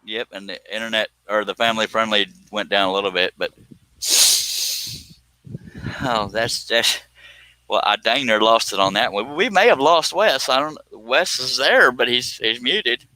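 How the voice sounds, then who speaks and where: A man's voice: mid-range voice, normal speed, pushed and bright, no echo, rough recording. A middle-aged man hosting a livestream, chatting casually and laughing often. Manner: laughs often, rereads a chat message in a mock-threatening voice. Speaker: livestream host. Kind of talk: casual chat.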